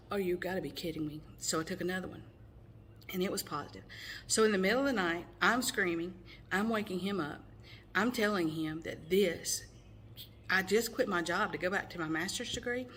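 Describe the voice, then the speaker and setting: A woman's voice: mid-range voice, a bit bright, a little hiss or hum. A woman in her forties telling her personal story earnestly, with lots of fillers and restarts. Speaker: mother sharing her testimony. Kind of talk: personal testimony to camera.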